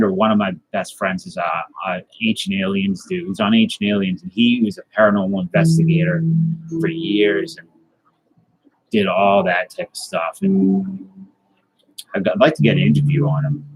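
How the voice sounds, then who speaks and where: A man hosting a casual live stream, rambling through a deadpan tall tale and chatting with viewers. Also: fairly low pitch, normal speed, a little hiss or hum, low-quality recording. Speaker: host.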